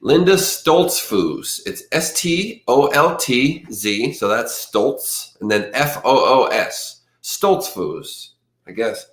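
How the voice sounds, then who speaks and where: A man's voice: mid-range voice, lively intonation, slow, fairly bright tone. A man hosting a casual livestream, chatting loosely and reading news stories aloud. His voice sits in an ordinary middle range, and he rambles and trips over difficult words. The sound bounces around an echoey room. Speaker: livestream host.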